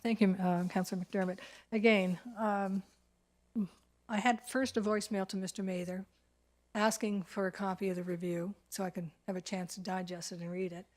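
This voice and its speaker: A woman's voice: mid-range voice, little pitch movement, normal speed, a little mellow. A woman town councillor speaking in a council meeting, frustrated and emphatic, repeating her points as she objects.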